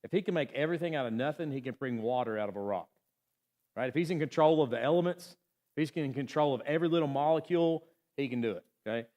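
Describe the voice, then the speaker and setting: A man's voice: mid-range voice, fast talker, darkish tone. A man preaching a sermon in a conversational way, often checking in with the congregation and acting out the voices in the story. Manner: conversational, asks the room "right?" often; acts out quoted voices. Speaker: pastor. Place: church.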